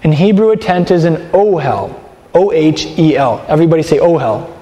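Guy giving a sermon, kinda high voice but mellow, lots of restarts, big echoey hall. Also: lively intonation. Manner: conversational, halting with repeated restarts. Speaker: teacher.

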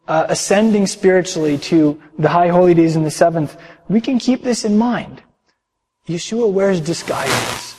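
A man with a husky, dark voice tells a story as part of a sermon, measured and soft-spoken, often trailing off quietly. His voice carries a long reverb from a congregation hall. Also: a little high. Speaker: preacher.

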